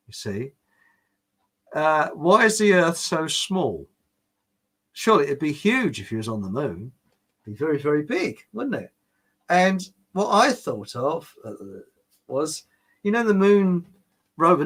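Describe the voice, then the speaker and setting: An older man with a British accent, hosting a casual livestream chat, rambling with restarts, chuckling often and reading out viewer comments. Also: sits high. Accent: British English. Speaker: livestream host.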